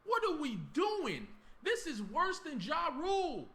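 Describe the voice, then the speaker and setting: Animated high-voiced man ranting slangily. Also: a little slow. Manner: animated, emphatic, slangy trash talk. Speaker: commentator on a reacted video. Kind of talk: casual reaction commentary.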